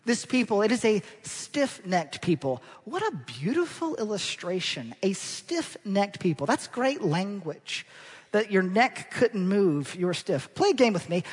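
A male preacher giving an animated, rhetorical sermon that draws his congregation in, heard in a church hall. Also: high voice, moderate pace, breathy edge. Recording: long church-hall reverb.

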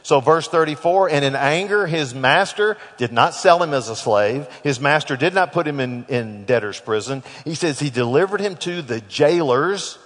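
A man preaching a sermon, dramatically acting out scripture dialogue with big swings in loudness. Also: fairly high pitch. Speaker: pastor. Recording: echoey hall.

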